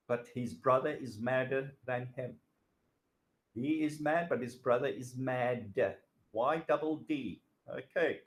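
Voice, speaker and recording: A middle-aged man teaching a recorded grammar lesson, slow and patient, repeating phrases and asking the students questions. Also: mid-range voice. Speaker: English teacher.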